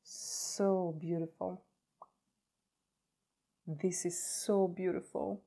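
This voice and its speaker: A woman beauty vlogger chatting casually as she unboxes gifts, gushing and repeating words in her excitement. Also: on the low side, slow, creaky, pauses often.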